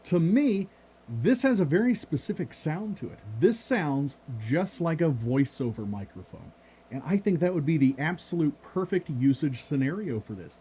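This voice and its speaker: A man's voice: fairly high pitch, big pitch swings, moderate pace, dark tone, husky. A man casually reviewing a microphone, enthusiastic and jokey. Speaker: product reviewer.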